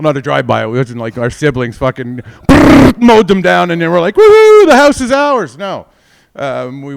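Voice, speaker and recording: A man's voice: medium pitch, clear, resonant tone. A man in his forties doing a stand-up comedy set, rambling and profane, constantly mocking himself. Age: 40s.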